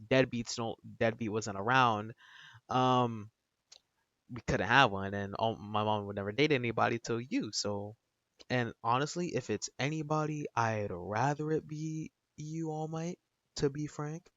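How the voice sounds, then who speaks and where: An easygoing teenage hero boy, as a man puts him on, relaxed and offhand with plenty of slang. The voice sits mid-pitched, and the recording is dull and lo-fi with a dry, close sound and no room around it. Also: a little slow, no echo.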